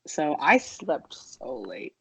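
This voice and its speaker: A young woman from New Jersey, co-hosting a casual podcast chat, excitable and quick to defend herself. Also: sits low, creaky, slightly rough, dry recording, low-quality recording. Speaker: podcast co-host.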